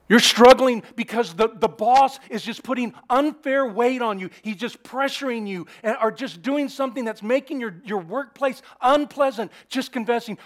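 A man preaching a sermon in an earnest, repetitive style, swinging between emphatic declarations and hushed asides. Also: very high voice, moderate pace, hardly any pauses. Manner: repeats phrases and restarts mid-sentence. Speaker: pastor.

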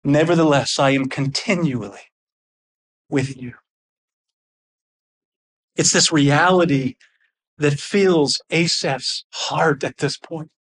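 A man preaching a sermon with fervent, excited intensity that sounds almost angry. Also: fairly high pitch, slow pace, long pauses, husky. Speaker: pastor.

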